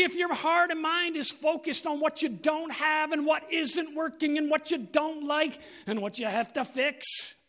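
A man's voice: very high-pitched, a bit bright. A man preaching a sermon as pastor, earnest and asking his congregation questions.

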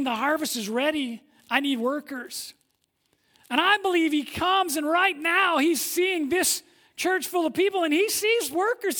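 A male pastor preaching a sermon with lively energy, swinging between loud emphasis and hushed moments, acting out quoted voices. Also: very high voice. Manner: acts out quoted voices of listeners and God.

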